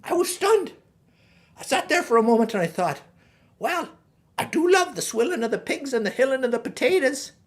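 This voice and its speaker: Woman playing a middle-aged Irish farmer man, stage Irish accent, high voice, folksy, rambling storyteller. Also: very animated, normal speed. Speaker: guest host. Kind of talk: comic monologue in character.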